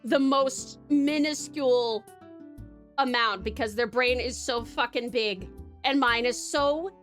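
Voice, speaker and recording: A woman's voice: fairly high pitch, slow pace, a bit bright, faint music behind. A young Australian woman streaming live, chatting bubbly and giggly with her viewers and calling them babes. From Tasmania, Australia. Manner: bubbly and giggly, greets chat by name, calls them babes. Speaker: VTuber streamer.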